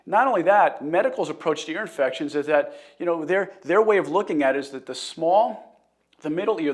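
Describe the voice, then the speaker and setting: A middle-aged man hosting a live health talk, telling a patient story in an earnest way and greeting viewers. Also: a little high. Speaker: chiropractor host.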